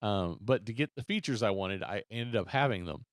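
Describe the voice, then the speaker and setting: A man's voice: fairly low pitch, expressive, brisk, no room sound, clean studio sound. A man co-hosting a podcast, chatty and joking, laughing often. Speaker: podcast co-host. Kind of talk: casual podcast chat.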